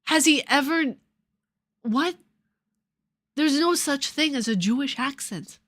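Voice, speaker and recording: A woman with a New Jersey and New York accent, chatting casually on a livestream, sarcastic and profane, jumping between loud jabs and muttered asides. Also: high-pitched, animated, slow pace. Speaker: streamer.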